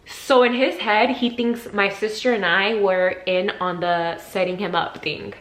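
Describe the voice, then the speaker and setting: Young woman vlogger in a casual storytime: chatty, heavy on "like," jumps loud when she acts out quotes. Mid-pitched voice in an echoey room. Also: fairly even intonation, unhurried. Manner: chatty, frequent "like" fillers; acts out quotes with sudden shifts in loudness. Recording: roomy echo.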